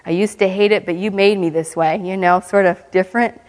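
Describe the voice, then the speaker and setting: Lively woman giving a testimony in a reverberant hall. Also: medium pitch, fairly quick. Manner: animated and humorous, often laughing. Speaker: church speaker sharing mission testimony.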